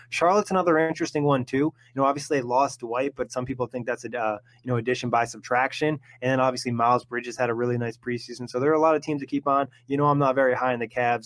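A young man hosting a casual sports podcast, eager and quick to laugh. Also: mid-range voice, dry recording. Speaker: podcast host.

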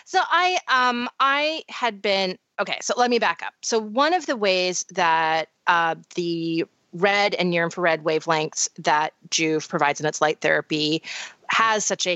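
A woman's voice: fairly low pitch, a bit bright, dry recording, dull audio. A woman co-hosting a podcast, explaining science in a casual, chatty way with frequent restarts. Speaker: podcast co-host.

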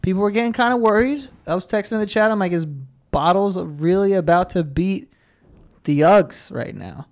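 A man's voice: sits high, moderate pace. A young man co-hosting a casual sports podcast, telling stories loosely with plenty of swearing. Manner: loose, swearing, animated storytelling. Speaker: podcast co-host.

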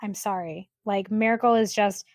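A woman's voice: medium pitch, fairly even intonation, normal speed, dry recording, studio quality. Playful teasing woman. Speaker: podcast guest. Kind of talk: casual sports chat.

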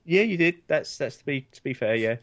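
A man co-hosting a beer podcast, talking in a relaxed, rambling way with lots of ums. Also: fairly high pitch, brisk, muffled recording. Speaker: podcast co-host. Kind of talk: casual chat.

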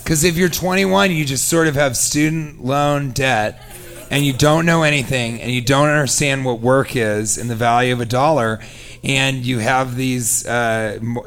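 A man telling a comic story, sarcastic and animated, acting out both sides of a conversation. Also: mid-range voice. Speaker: comedian. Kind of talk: comedic storytelling.

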